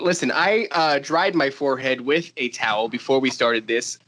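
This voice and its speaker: A man's voice: medium pitch, moderate pace, a bit bright. A man hosting a podcast in casual chat, joking and teasing his guests and laughing often. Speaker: podcast host.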